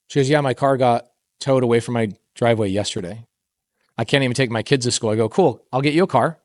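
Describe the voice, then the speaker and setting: Animated male stage speaker, dry sound. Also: medium pitch, dry recording. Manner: animated storyteller, acting out quoted dialogue, quizzing the crowd. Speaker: speaker at a real estate summit. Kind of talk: motivational stage talk with told stories.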